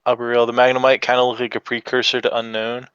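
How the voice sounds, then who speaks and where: A man's voice: mid-range voice, completely flat delivery, fast, a bit bright, smooth, no room sound, lo-fi sound. A man guesting on a podcast, recapping an episode in a laid-back, rambling way. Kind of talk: casual chat.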